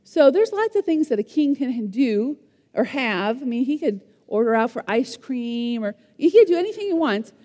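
High-voiced woman teaching in an echoing hall. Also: normal speed. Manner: animated, asks the listeners questions. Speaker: teacher retelling a Bible story. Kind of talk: lively Bible-story lesson. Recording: long hall reverb.

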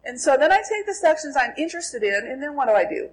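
This middle-aged woman from Minnesota talks fast in a high-pitched voice with big pitch swings while teaching a Bible class. She quizzes the group and answers her own questions, and the recording is rough.

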